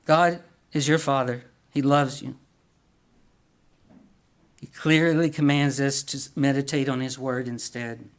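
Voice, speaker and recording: A man's voice: mid-range voice, fairly even intonation, slow, pauses often. A man preaching a sermon in an earnest way, asking the congregation questions and often repeating or restarting words.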